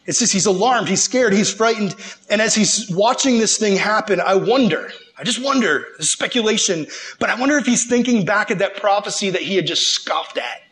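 A young man preaches in a loose, slangy way, jumping in and out of the characters as he retells the story. His voice sits fairly high for a man and swings widely in pitch, lively and expressive. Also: a little fast. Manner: animated, slangy, acts out the characters. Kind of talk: casual sermon, retelling scripture.

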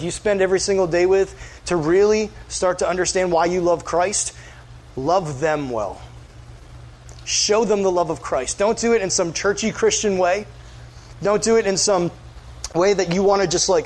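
A male pastor, preaching in an earnest, conversational way and acting out quoted voices. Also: high voice. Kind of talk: sermon.

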